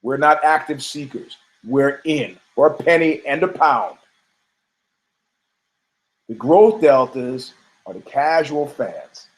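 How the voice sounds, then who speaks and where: This male podcast host speaks slowly at medium pitch, with lively intonation and frequent pauses. His take on fights is brash, profane and rambling, full of restarts.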